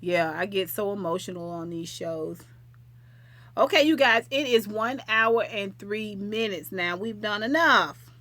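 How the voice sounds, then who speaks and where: A woman's voice: medium pitch, unhurried, a bit bright. A woman hosting a late-night livestream, chatting casually and affectionately with viewers and rambling from topic to topic. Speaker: livestream host.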